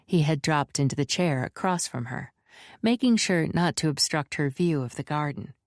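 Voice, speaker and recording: Woman audiobook narrator: low, slow, measured, dry studio read. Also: animated, no echo. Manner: measured, descriptive reading. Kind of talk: scripted narration.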